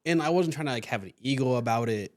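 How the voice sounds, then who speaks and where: Speaking fast with lively intonation and a medium pitch, a young man hosts a podcast and spins a story in casual conversation. He curses freely and performs the voices of those he quotes.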